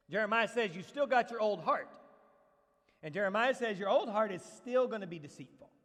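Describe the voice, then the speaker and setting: Male pastor preaching, high voice, blunt and sarcastic, reverberant sanctuary sound. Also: fairly bright tone. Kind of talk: sermon.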